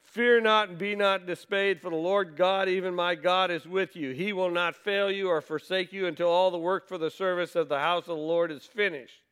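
A man's voice: high voice, steady tone, moderate pace, hardly any pauses, fairly bright tone, smooth. A man preaching a sermon in a conversational way, reading scripture aloud and asking his listeners rhetorical questions. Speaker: pastor.

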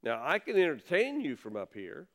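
A man's voice: fairly high pitch, huge pitch swings, moderate pace, fairly bright tone. A man preaching a conversational sermon from the pulpit, reading scripture and stressing key words. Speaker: pastor.

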